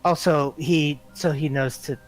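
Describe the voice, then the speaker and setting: Slow, hesitant tabletop player. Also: mid-range voice, fairly even intonation, faint music behind, poor audio. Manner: hesitant, pausing with ums. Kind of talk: casual tabletop game chat.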